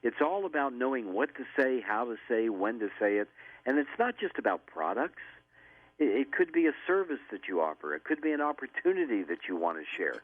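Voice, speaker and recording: A man's voice: medium pitch, sing-song, brisk. An older man, a radio interview guest, talking earnestly and often repeating words as he starts a thought. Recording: tinny phone line.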